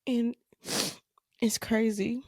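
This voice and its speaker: Slow, gravelly woman telling a tearful story. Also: fairly high pitch, flat delivery, darkish tone, no echo, studio quality. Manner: halting, repeats phrases, emotional. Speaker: podcast host. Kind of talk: personal storytelling.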